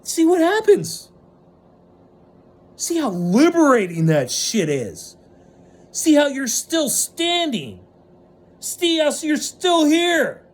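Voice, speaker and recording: A man in an unscripted vlog monologue, ranting with lots of swearing and swinging between loud outbursts and hushed stretches. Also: very high voice, wildly swooping pitch, takes it slowly, long pauses. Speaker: vlogger.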